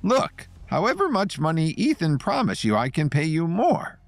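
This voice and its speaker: A scheming, pregnant woman who snaps in sharp, irritated bursts, as a male narrator puts her on. Her voice sits well above his natural pitch and swings widely. It is a dry, close recording with faint music behind. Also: huge pitch swings, normal speed, dry recording. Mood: exasperated.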